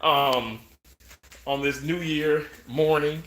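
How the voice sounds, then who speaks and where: A man's voice: medium pitch, animated, moderate pace, sharp tone. A man chatting casually on a live stream, rambling about food and greeting viewers by name.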